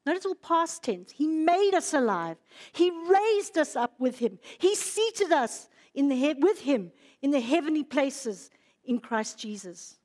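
A woman preaching a sermon in church, emotional, swinging from loud, stirring lines to hushed, quiet ones. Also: sits high, sing-song, a little slow. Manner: emotional, rises loud then drops to hushed.

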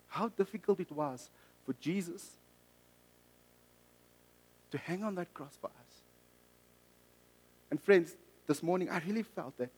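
A man's voice: fairly high pitch, big-room sound, low-quality recording. A middle-aged man from South Africa and Mozambique preaching a sermon, earnest and personal, telling a story with frequent restarts.

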